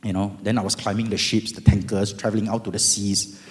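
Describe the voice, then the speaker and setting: A middle-aged man with a Singaporean accent giving a dramatic, animated testimony at an event. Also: on the low side, brisk, soft background music. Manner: animated, dramatic, bursts of loud emphasis. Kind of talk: storytelling testimony talk. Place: event hall. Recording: long hall reverb.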